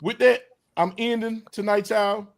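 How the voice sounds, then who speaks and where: A man with a somewhat high voice hosts a casual streamed talk show. He tells stories in a loose, profane way. He gets excitable and swings up into loud, laughing outbursts. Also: measured pace, creaky. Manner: animated, profane storytelling, rising to loud outbursts. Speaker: podcast host. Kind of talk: casual chat.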